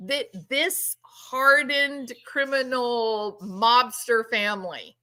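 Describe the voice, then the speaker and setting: Bright, sarcastic woman commentator. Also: on the high side, steady tone, takes it slowly. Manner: sarcastic, incredulous, emphatic. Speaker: true crime commentator. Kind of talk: casual commentary monologue.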